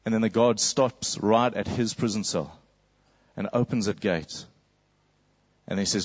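A man's voice: on the low side, unhurried, slightly rough, highs cut off. A man preaching a sermon, telling a story vividly and acting out a crowd's cries.

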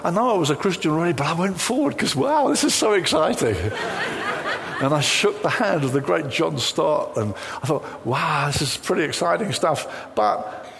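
A man's voice: on the high side, vocal fry, fairly bright tone, slight background noise. A man preaching a sermon, telling a personal story full of quoted dialogue. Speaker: pastor.

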